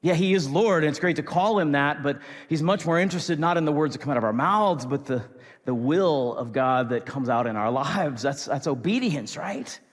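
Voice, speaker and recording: A pastor preaching a sermon in an earnest, repetitive way, moving between loud emphasis and soft near-whispers. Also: male voice, mid-range voice. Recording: long hall reverb.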